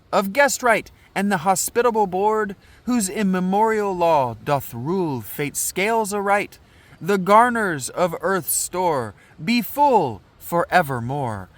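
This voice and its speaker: A man's voice: high-pitched, pitched above the performer's own voice, full character voice. A man reading aloud the lines of a chorus of young women praying for a city, declaiming with sing-song lifts. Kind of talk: dramatic reading of an old play.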